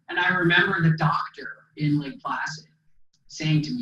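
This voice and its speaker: A man from Minnesota giving an inspirational keynote speech as a motivational speaker, an animated storyteller who acts out the dialogue. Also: fairly high pitch, moderate pace. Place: presentation hall. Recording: echoey hall, distant mic, dull sound.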